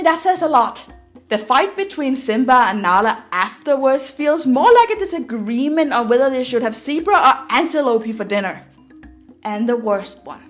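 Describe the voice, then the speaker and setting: High-voiced sarcastic young woman reviewer. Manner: sarcastic, exasperated critique. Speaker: video commentator. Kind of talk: opinionated movie review. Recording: faint music behind voice.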